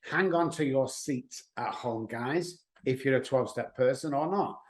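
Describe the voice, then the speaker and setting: A middle-aged man, an addiction expert, speaking as a podcast guest in an emphatic, animated way, acting out quotes as he explains. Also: medium pitch, measured pace. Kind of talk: conversational podcast interview.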